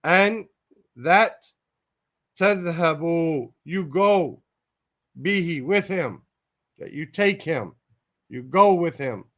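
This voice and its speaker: A man leads a word-by-word Quran translation lesson at an unhurried pace. His voice sits a little high, and he repeats each Arabic term before glossing it in English. He muses aloud in tentative asides. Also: animated, a bit bright.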